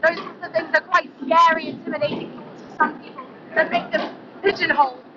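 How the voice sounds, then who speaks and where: A woman interviewing an activist on the street at a march, asking long, gentle, probing questions. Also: very high-pitched, brisk. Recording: dull lo-fi sound, loud street noise.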